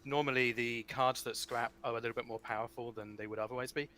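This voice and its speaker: A man's voice: mid-range voice, steady tone, quick pace, sharp tone. A man, a father who writes about a card game, talking casually and rambling, often restarting his sentences.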